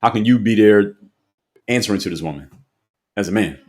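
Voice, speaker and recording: A man's voice: lowish voice, fairly quick. A man hosting an opinion commentary show, speaking emphatically and repeating his points for effect.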